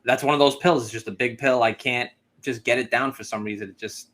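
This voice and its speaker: A man hosts a relaxed live-stream chat, reading viewer questions and sharing his own experience. He talks in a loose, filler-heavy way, at a pitch typical for a man. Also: a little fast. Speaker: host. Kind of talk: casual live-stream interview.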